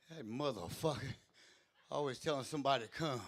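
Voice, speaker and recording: A man's voice: mid-range voice, moderate pace, vocal fry, long pauses. A man doing rambling, profane stand-up at an open mic in a small club, speaking into a stage mic and interrupting himself as he goes. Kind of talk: stand-up comedy.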